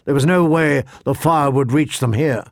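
A man reads a story aloud with measured, somber pacing and a mid-range voice. He sits close to the mic, and the sound is completely dry. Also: medium pitch, vocal fry, no echo. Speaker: audiobook narrator. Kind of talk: scripted narration.

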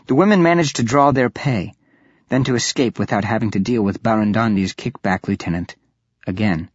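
A man giving steady, even scripted narration of a fantasy audiobook. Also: mid-range voice, breathy edge, no echo. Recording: dull lo-fi audiobook recording.

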